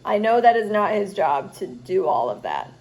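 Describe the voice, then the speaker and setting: A woman's voice: medium pitch, sing-song, moderate pace, a little mellow. Tired young woman rambling through a vlog. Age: young adult. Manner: rambling, chatty, fillers like "like". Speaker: student vlogger. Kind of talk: casual storytime vlog.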